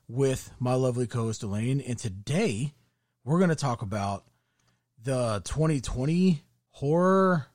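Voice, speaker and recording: A man's voice: mid-range voice, a little mellow, dry recording, studio quality. A man hosting a podcast in casual chat, joking and a little unsure as he rambles. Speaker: podcast host.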